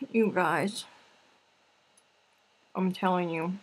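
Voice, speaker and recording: A woman's voice: on the low side, breathy edge. A woman hosting a live crafting stream, reading out viewer comments in a playful, chatty way. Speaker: crochet livestream host. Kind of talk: casual live-stream chat.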